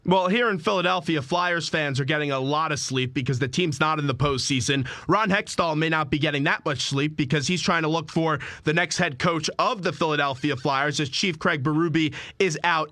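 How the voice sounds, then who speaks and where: A man's voice: fairly high pitch, sharp tone, dry recording. A young man hosting a sports talk radio show, asking eager, talkative questions. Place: radio studio.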